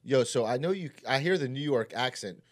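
A man hosting a casual interview, chatty and quick, repeating his phrases as he goes. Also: medium pitch, lively intonation. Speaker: interviewer host.

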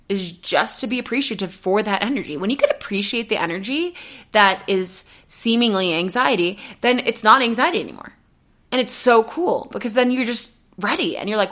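Chatty young woman podcast host. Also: medium pitch. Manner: chatty, animated, acts out her own inner voice. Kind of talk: casual self-help podcast monologue.

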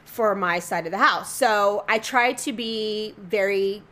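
A woman chatting casually and telling a story, animated, often laughing and acting out what people said. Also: mid-range voice, slow pace. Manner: animated, laughs often, acts out quotes loudly.

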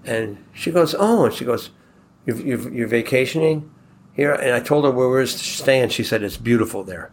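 A man from Buffalo telling a long personal anecdote in a relaxed, rambling way, acting out the quoted dialogue as he goes. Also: mid-range voice, normal speed, slight background noise. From Buffalo, New York. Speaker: guest telling a personal story.

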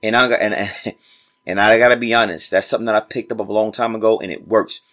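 A fairly low, fairly bright voice with mostly even intonation moves at a slightly quick pace. The man hosts a motivational podcast, addressing listeners directly in a casual, preachy style, repeating phrases for weight and speaking with informal grammar.

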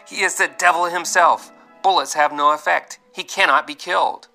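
A man voicing a panicked male police commissioner who shouts frantically in a storybook reading. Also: on the high side, normal speed, creaky, faint music behind, pitched above the performer's own voice, full character voice. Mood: frantic.

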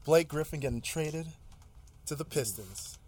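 Loud trash-talking podcast host. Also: male voice, a little high, expressive, a little slow, slightly rough. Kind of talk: casual podcast banter.

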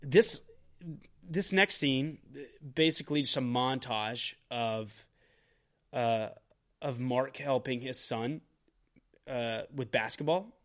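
A young man co-hosting a casual movie review podcast, animated and swearing, acting out film lines. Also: medium pitch, slow, pauses often. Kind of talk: casual chat.

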